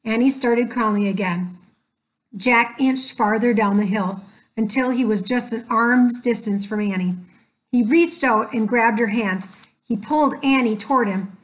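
Woman reading a kids chapter book, slow and gentle, kinda high voice. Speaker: storyteller. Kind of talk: scripted storybook narration.

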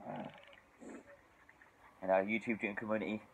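In a casual drinking vlog shot outdoors in the cold, a British man, tipsy and shivering, swears and rambles with frequent sighs. His voice is fairly low with vocal fry at a normal pace, and the recording has the highs cut off plus a little hiss or hum.

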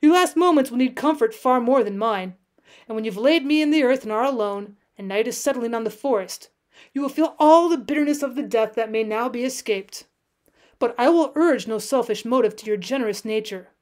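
A woman reads the part of a dying old frontier hunter, calm and firm, his old-fashioned pleading delivered solemnly. The voice sits high and light for the figure, read for a storybook. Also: brisk, natural voice. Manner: solemn, pleading, archaic speech.

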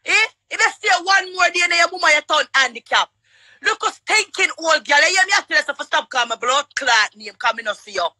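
Loud, bright-voiced Jamaican woman shouting. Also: high voice, lively intonation, no room sound. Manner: shouting, cursing, rapid-fire. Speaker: livestream guest. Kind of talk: heated livestream quarrel.

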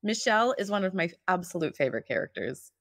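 A woman's voice: fairly low pitch, sing-song, fast talker, creaky. A woman co-hosting a podcast, chatting casually and animatedly and laughing often. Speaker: podcast co-host. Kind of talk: casual chat.

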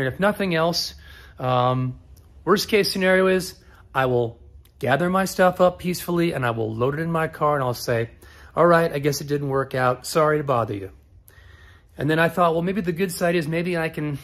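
A middle-aged man casually telling a story to camera, acting out both sides of a phone call in an animated way. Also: on the high side. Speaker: car-build vlogger.

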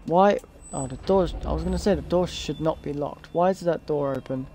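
Brief: gamer, horror playthrough, jumpy, mellow dark tone, faint hiss. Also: medium pitch, moderate pace. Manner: jumpy, talks to game characters, startled shrieks. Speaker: let's play gamer. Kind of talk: horror game commentary.

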